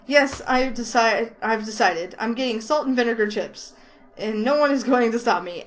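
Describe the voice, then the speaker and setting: A woman's voice: on the high side, normal speed, faint music behind, low-quality recording. A woman reading a visual novel aloud in the first person, breaking off for chatty, giggly asides about the script. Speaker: let's play host.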